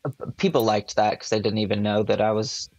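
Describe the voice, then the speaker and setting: Low-voiced young man telling casual stories. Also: fairly quick, no room sound, highs cut off. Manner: relaxed storytelling, mimics voices with laughs. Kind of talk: casual chat.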